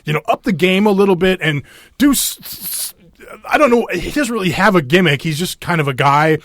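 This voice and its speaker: A man with a fairly high voice co-hosts a podcast, rambling casually through match recaps with lots of fillers and restarts. The sound is dry and close to the mic. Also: lively intonation, fairly quick, a bit bright, dry recording. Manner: rambling, many restarts and fillers, laughs often. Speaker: podcast co-host.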